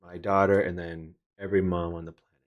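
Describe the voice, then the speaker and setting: A man's voice: low-pitched, level tone, a little fast, lo-fi sound. A man in his thirties, a photographer chatting casually and rambling with joking asides while he works at his computer. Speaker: photographer doing a livestream. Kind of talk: casual chat while working.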